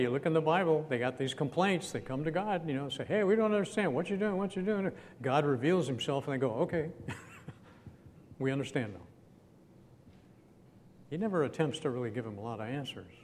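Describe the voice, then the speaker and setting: Male preacher, mid-pitched, chatty teaching sermon, recorded in a reverberant hall. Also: a little mellow. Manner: chatty, asks the audience questions, chuckles now and then. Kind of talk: conversational sermon. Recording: echoey hall with faint rumble.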